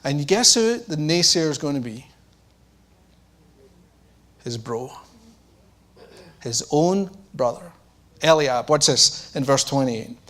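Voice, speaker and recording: A man preaches a sermon, acting out the characters' lines and dropping to a low, intense voice when he wants to press a point.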